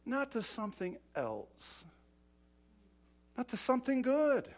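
A man preaching a sermon with passion, swinging from loud urging to quiet, soft-spoken storytelling. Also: high voice.

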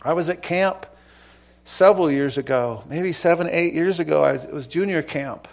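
A man's voice: on the high side, normal speed, gravelly. Earnest pleading preacher man. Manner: emphatic, swinging between loud declarations and hushed asides; earnest, pleading repeated questions. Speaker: pastor. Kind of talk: sermon.

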